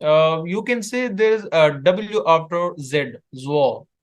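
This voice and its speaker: A man teaching letters one by one, speaking slowly and patiently. His voice sits a little high, and his English is halting as he repeats each sound for his student. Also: expressive. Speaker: Arabic tutor. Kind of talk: one-on-one online language lesson.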